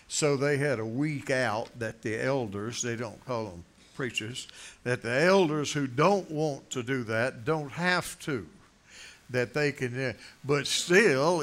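A man's voice: mid-range voice, fairly bright tone. Folksy older preacher man. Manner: rambling, joking, with many uh fillers and restarts. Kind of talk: folksy sermon.

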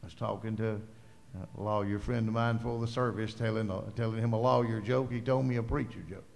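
A man preaching a sermon in a church, impassioned, building to loud, fervent preaching. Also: on the low side, steady tone, a little fast, gravelly. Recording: hall reverb.

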